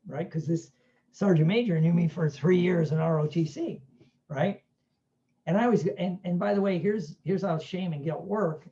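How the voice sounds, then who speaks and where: Chatty guy telling stories, kinda high voice but mellow, lo-fi sound. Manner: chatty, keeps asking "right?", acts out quoted voices. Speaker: self-help speaker. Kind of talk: casual storytelling talk.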